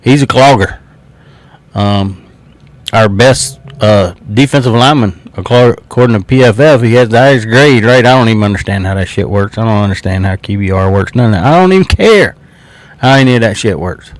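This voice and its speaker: A man's voice: on the low side, lively intonation, a little fast, no room sound. Blunt Southern man, dry close sound. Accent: South Carolina Southern. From South Carolina. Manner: blunt, swears freely, laughs between remarks. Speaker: sports fan podcaster. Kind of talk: casual fan commentary.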